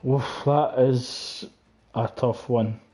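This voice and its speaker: A man co-commentating on a live sim race stream, measured and polite. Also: medium pitch, steady tone, warm tone.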